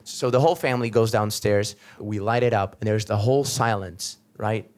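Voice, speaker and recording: A young man from Portugal, doing a stand-up comedy set on a club stage, telling animated stories with frequent "right?" asides. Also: on the low side, moderate pace.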